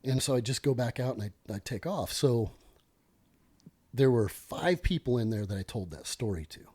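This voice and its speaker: A middle-aged man, a former police lieutenant, telling a story as a podcast guest in an animated, self-interrupting way. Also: medium pitch, moderate pace, husky.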